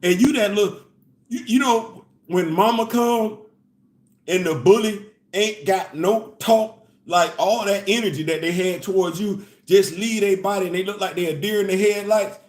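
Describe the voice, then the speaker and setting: Animated man in an echoey room. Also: high-pitched, normal speed. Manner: animated, laughing, repeats phrases. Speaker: host. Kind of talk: casual commentary.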